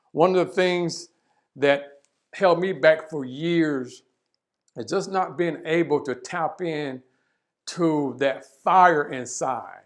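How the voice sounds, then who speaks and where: A man giving a leadership webinar talk, telling a parable and often checking in with "right?". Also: fairly high pitch. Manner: storytelling, acts out voices, frequent "right?". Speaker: leadership speaker.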